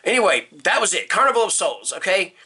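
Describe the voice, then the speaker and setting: A man's voice: sits high, very animated, fast talker, bright, forceful tone, slightly rough. An older man hosting a horror book channel, chatting casually and rambling with lots of fillers. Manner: rambling, folksy, frequent fillers. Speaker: booktube host. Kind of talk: casual book tag chat.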